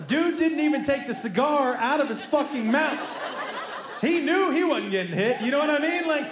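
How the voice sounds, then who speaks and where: Animated stand-up man, high lively voice. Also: normal speed. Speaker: stand-up comedian. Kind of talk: stand-up comedy routine. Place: comedy club stage before a laughing audience. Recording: roomy live club sound with noise.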